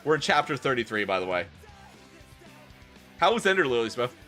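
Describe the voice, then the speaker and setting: A man streaming a comedic reading, greeting his chat excitably and swearing freely. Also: mid-range voice, a little fast. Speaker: streamer reading a fanfic aloud. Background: faint rock music.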